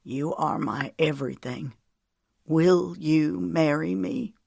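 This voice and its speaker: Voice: lively intonation, normal speed, gravelly, dry recording, studio quality. A narrator voicing an earnest, tender older husband. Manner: low, urgent, earnest.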